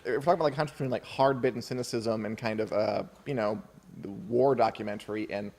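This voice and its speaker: A man's voice: lowish voice, steady tone, quick pace, darkish tone. A man co-hosting a casual podcast about a book, chatty, laughing often and reading passages aloud. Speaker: podcast co-host.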